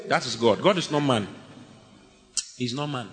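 Male preacher, lively sermon delivery, low murmurs to high shouts, slightly high voice, long hall reverb. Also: moderate pace, long pauses.

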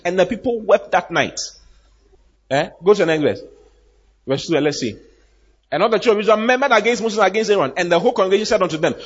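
A man preaching with a lively, swooping delivery, acting out the people in his Bible stories. His voice is husky and slightly high, and the recording sounds dull and lo-fi. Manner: animated preaching, acting out Bible characters and laughing. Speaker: pastor. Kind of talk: sermon.

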